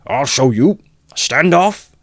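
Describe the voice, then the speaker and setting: A man shouting as a drunk, brutal cart owner. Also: on the high side, animated, slow, no echo, clean studio sound, voice pushed up, heavily acted. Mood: furious. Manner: shouting ferociously.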